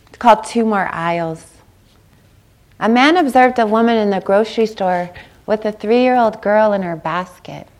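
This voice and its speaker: A woman's voice: medium pitch, moderate pace. A meditation teacher, a woman, giving a dharma talk at a meditation center, chatty and informal, often checking in with the listeners. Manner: warm conversational, seeks agreement with "right?".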